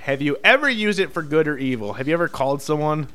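A young man hosting a podcast, excitable and laughing, stammering and repeating himself. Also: a little high, quick pace, clear, resonant tone. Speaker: podcast host. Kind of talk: casual chat.

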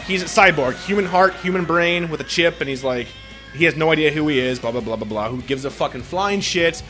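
A man talking through a movie review in loose, excitable podcast chat. His voice sits a bit high and sounds bright and forward. He rambles, swears constantly and leans on fillers, over faint background music. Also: a little fast. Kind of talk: casual profane chat.

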